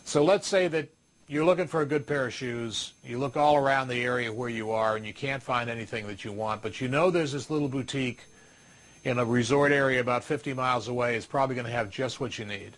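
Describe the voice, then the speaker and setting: A man giving a conversational talk to an audience, acting out guests and managers in quick quoted lines, with dry asides. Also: medium pitch, a bit bright. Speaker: speaker on restaurant service.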